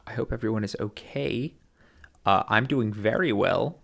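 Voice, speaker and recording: A man chatting casually on a livestream from home, halting with many fillers and a dry, formal humor. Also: on the low side, vocal fry, fairly bright tone. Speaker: streamer. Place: home room.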